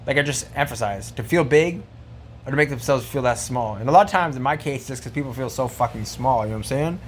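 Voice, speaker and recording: A man's voice: mid-range voice, lively intonation, fast talker, a little hiss or hum. A man ranting casually to camera, rambling and profane, full of slang and fillers. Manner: rambling, profane, slangy, says bro a lot. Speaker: vlogger.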